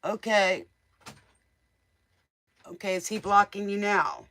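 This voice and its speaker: A woman's voice: mid-range voice, slow pace, fairly bright tone, slight background noise. A woman giving casual, motherly tarot readings to viewers on a live stream. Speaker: tarot reader.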